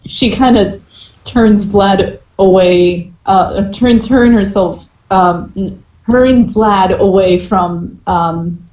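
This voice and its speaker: A woman's voice: mid-range voice, slow, a little mellow. A young woman playing a tabletop game, talking hesitantly and with lots of fillers. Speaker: player. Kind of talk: casual tabletop game play. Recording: roomy, dull lo-fi with mic noise.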